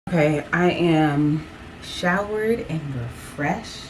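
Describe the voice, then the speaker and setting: A young woman vlogging, telling a story in a chatty, animated way with lots of fillers. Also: sits low, takes it slowly, a little hiss or hum. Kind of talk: casual storytelling vlog.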